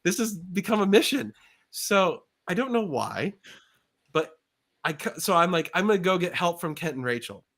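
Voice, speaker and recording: A middle-aged man tells a story on a live talk show, animated and excitable, swinging up into the voices of everyone he quotes. His voice sits a little high and sounds bright and forceful. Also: moderate pace. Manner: excitable, acts out quoted voices with big pitch jumps. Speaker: show host.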